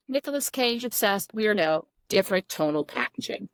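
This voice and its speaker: Woman, podcast co-host, emphatic, teacherly, rhetorical questions, slightly high pitch. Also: lively intonation, moderate pace, no echo. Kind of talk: explanatory podcast talk.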